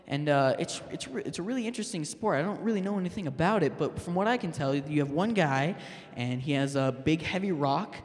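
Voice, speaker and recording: A man doing a stand-up set, halting and deadpan, with fillers and restarts. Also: fairly high pitch. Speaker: stand-up comedian. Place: public access TV studio stage. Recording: long hall reverb.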